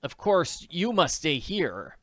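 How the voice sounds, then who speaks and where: In a studio-quality, dry recording, a man voices an audiobook character: a brave, determined teenage girl detective, urgent, earnest and resolute. He pitches his voice a little high, above his own, in an exaggerated, very animated, fairly bright delivery, taking it slowly.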